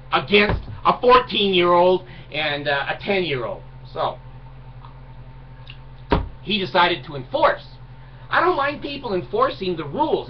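A middle-aged man ranting indignantly to camera, mocking and chuckling at his own jokes. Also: high voice. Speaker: video blogger. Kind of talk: ranting monologue. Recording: distant mic, dull lo-fi sound, faint noise.

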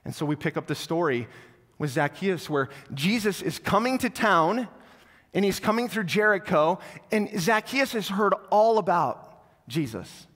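A male pastor giving a sermon, telling a story in an animated way that swings from loud to hushed. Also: high voice, unhurried. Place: church sanctuary. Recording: long church reverb.

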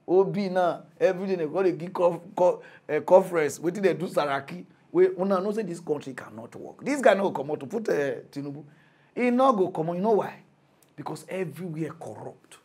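A young man with a high, bright-edged voice delivers a comic rant in Nigerian Pidgin. He swings from muttering to shouting and keeps laughing at his own points, like a mock news commentator on a roll. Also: slightly rough. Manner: excitable, laughing, big swings in loudness.

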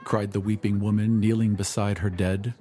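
A man giving a measured, dramatic audiobook narration of a classic story. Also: fairly low pitch, flat delivery, mellow, slight background noise. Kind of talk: scripted narration. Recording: faint music bed under narration.

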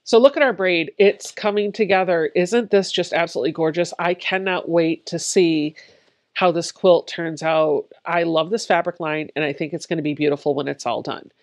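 Lady walking you through a quilt block, kinda low voice, chill and encouraging. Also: steady tone, moderate pace. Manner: friendly, encouraging, explains each step plainly. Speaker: quilting instructor. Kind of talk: step-by-step sewing tutorial.

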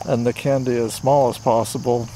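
A man's voice: medium pitch, level tone, moderate pace, warm tone, slight background noise, poor audio. A man co-hosting a casual podcast chat, joking in a dry, wry way. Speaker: podcast co-host. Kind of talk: casual conversation.

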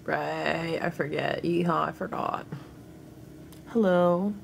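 Laughing frequently, a young American woman banters with and teases her livestream chat as she reads their comments aloud. Her voice sits a little low, her pace is relaxed and drawling, and there's a faint background hiss throughout the casual stream.

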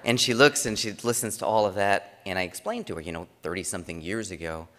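Deep-voiced man chairing a conference. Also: quick pace, fairly bright tone. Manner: conversational storytelling with frequent restarts. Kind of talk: opening remarks at a conference. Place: large conference room. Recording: long reverb of a conference hall.

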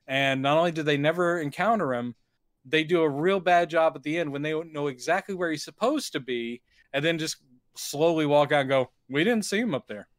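A man's voice: fairly high pitch, a little fast, no echo, studio quality. A man co-hosting a podcast, giving wry, mocking commentary on a movie with some swearing. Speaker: podcast co-host. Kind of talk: casual film discussion.

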